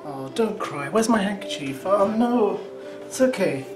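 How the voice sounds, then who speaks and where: A man's voice: high voice, animated, unhurried. Sarcastic man reacting over music. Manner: sarcastic, teasing running commentary. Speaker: reaction commentator. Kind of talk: reaction commentary. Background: show soundtrack music.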